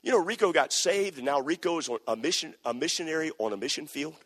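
Husky-voiced preacher in a reverberant church. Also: male voice, on the high side, lively intonation, fast. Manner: swings from soft confiding talk to loud shouted preaching. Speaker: pastor. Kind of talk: sermon. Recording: live church sermon in a reverberant hall.

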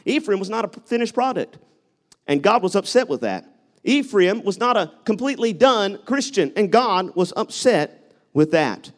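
A man preaching a sermon, telling stories and rising into loud exhortation. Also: high voice, moderate pace. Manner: animated, shifts between storytelling and loud exhortation. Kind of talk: sermon with live object lesson.

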